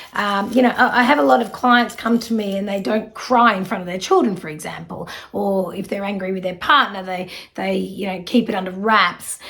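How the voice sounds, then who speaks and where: A middle-aged woman, giving a spiritual card reading in a soft, earnest, reassuring way with many fillers. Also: mid-range voice, gravelly. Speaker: psychic card reader.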